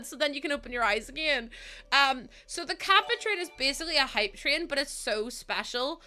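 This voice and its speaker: A woman's voice: high voice, lively intonation, normal speed, pushed and bright. A young woman from Northern Ireland with a Northern Irish accent, streaming live and chatting with her viewers while she plays. She giggles and gushes, close to tears with gratitude.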